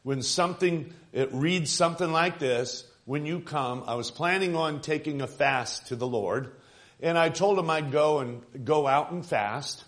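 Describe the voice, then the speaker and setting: Male preacher, storytelling sermon, folksy asides, a touch high-pitched. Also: measured pace, fairly bright tone. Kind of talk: sermon retelling a vision.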